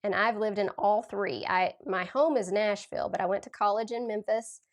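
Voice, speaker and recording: A woman's voice: mid-range voice, steady tone, normal speed. Chatty Tennessee-accented woman with a cold. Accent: Tennessee Southern. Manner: chatty, gushing, reads out viewer comments. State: has a cold. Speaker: crafting livestream host. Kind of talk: casual livestream chat while demonstrating card making.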